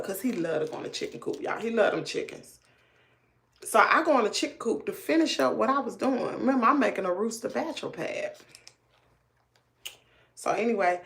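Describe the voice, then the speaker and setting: A middle-aged woman with a Southern US accent, hosting a livestream and telling a story in a relaxed, chatty way while doing her makeup. She is animated and sometimes drops to a hushed near-whisper. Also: on the high side, moderate pace, gravelly. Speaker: livestream host. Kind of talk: casual storytelling chat.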